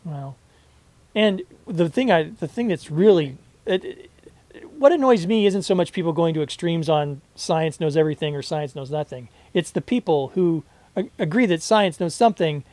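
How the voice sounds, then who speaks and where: A man's voice: fairly high pitch, lively intonation, moderate pace, a little mellow, dry recording. A man co-hosting a podcast, chatting casually and often chiming in to agree. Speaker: podcast co-host. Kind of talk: casual chat.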